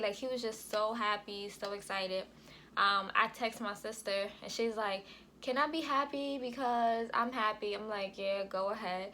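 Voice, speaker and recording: A woman's voice: medium pitch, moderate pace, fairly bright tone, a little hiss or hum. A young woman vlogger telling a casual storytime, slangy and swearing freely, acting out every line of dialogue. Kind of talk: storytime vlog, casual chat.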